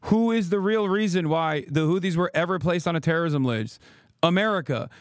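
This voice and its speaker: A man's voice: on the high side, a little fast, no room sound, clean studio sound. Angry, profane man ranting on stream. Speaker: political streamer. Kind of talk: heated live-stream rant.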